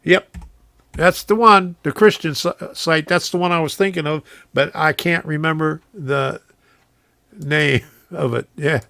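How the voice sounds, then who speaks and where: A man's voice: fairly high pitch, unhurried, creaky, bright, forceful tone, no echo. A man hosting a casual live stream from his home train room, rambling, chuckling often and reading viewers' comments aloud.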